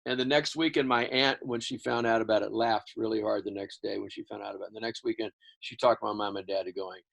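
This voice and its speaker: Older man from Houston, gravelly voice, rambling animated storyteller, interview guest. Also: on the low side, fast. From Houston, Texas. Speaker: guest musician.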